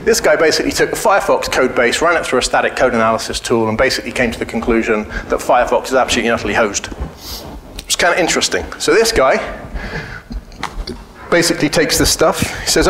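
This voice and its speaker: A man's voice: mid-range voice, lively intonation, fast talker, fairly bright tone, a little hiss or hum. A man giving a casual conference talk, informal and joking, blunt and often profane. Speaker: conference speaker. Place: conference hall. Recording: echoey hall with faint ambience.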